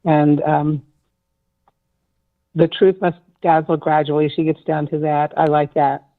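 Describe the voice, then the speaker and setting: A caller phoning into a poetry discussion, warm and enthusiastic and a little rambling. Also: mid-range voice, level tone, unhurried. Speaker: phone-in caller. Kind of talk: casual seminar discussion. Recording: tinny phone line.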